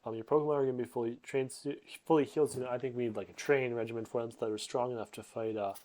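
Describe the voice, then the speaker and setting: A man's voice: medium pitch, steady tone, rapid-fire, warm tone. Rambling man retelling a comic story. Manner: rambling, many fillers and restarts, voices characters loosely. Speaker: narrator summarizing a comic.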